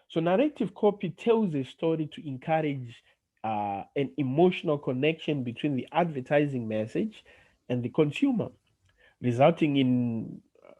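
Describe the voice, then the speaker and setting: A man's voice: fairly high pitch, mellow, breathy edge. A male teacher running a class discussion, explaining terms and asking questions with frequent okays.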